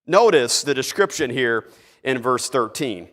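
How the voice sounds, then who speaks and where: Animated preacher in a reverberant church. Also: male voice, medium pitch, unhurried. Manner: animated storytelling, acts out characters. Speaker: pastor. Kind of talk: sermon. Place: church sanctuary. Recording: long hall reverb in church.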